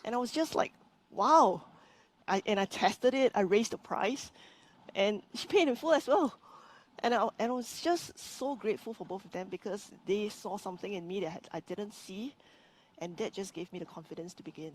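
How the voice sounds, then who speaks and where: Woman, business coach, earnest storyteller, interview guest, average pitch. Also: moderate pace. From Singapore. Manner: earnest, animated storytelling with frequent restarts. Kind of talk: live-stream interview guest.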